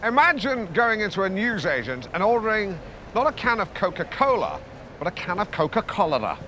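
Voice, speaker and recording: A man's voice: sits high, sing-song, fairly quick, pushed and bright, a little hiss or hum, full character voice. An actor playing a pompous, blundering middle-aged radio host who keeps correcting himself as he talks on air. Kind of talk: sitcom radio-show acting.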